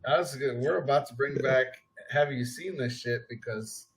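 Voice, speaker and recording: A man's voice: medium pitch, normal speed, over a noisy crowd, rough recording. A man hosting a podcast, chatting casually in an easygoing way. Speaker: podcast host. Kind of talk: casual chat.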